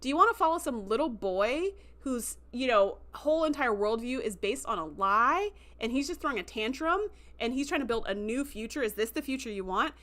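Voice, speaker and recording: A woman voicing a composed starship captain and mother, explaining in a measured, firm way. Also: on the high side, expressive, fairly bright tone.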